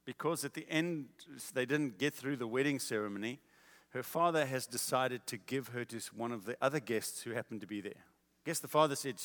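A man preaching a sermon, telling a story in a casual, animated way. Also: mid-range voice, fairly quick, big-room sound.

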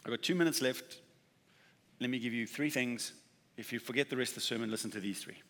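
A male pastor delivering a sermon in a large, echoing hall, where the long reverb trails after each phrase. His pitch sits in the middle range. He talks conversationally and drives his points home by repeating key words and acting out short exchanges. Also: fast, fairly bright tone. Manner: conversational preaching with acted-out dialogue and emphatic repetition.

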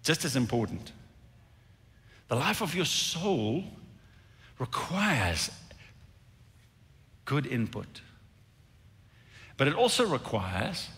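A pastor giving a sermon in a church, animated at times and dropping to quiet intensity at others. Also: male voice, medium pitch, a little slow, long pauses. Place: church auditorium. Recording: church hall reverb.

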